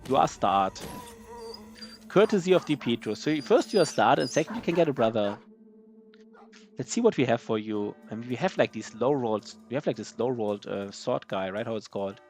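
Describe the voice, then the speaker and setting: A man's voice: mid-range voice, animated, fairly quick, darkish tone, soft background music. A man streaming a strategy game live, answering his chat in a loose, rambling way with many fillers and restarts. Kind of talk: casual live-stream chat while gaming.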